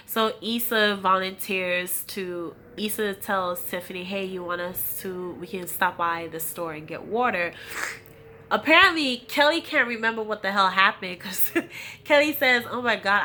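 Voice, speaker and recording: A woman in her late twenties giving a casual spoken recap of a TV episode, acting out the characters' lines as she retells them. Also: mid-range voice. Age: late 20s. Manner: animated retelling, acting out quotes, laughing often. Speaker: TV recap reviewer.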